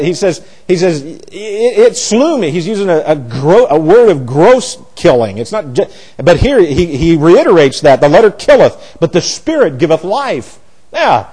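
A man preaching an expository Bible sermon, emphatic, with rhetorical questions and repeated words. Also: poor audio. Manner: animated pitch jumps for emphasis. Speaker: pastor.

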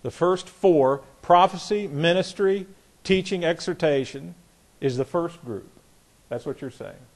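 Leading a Bible study class, a man with a slightly high voice speaks deliberately, restarting and repeating words as he poses questions to his listeners. Reading scripture aloud, he stresses the key words.

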